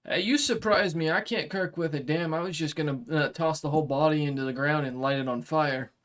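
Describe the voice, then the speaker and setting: A man voicing a gruff, blunt male dragon-kin samurai in a tabletop game, with hesitant, clipped phrasing. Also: on the high side, a little fast, a bit bright, a little hiss or hum, lightly acted.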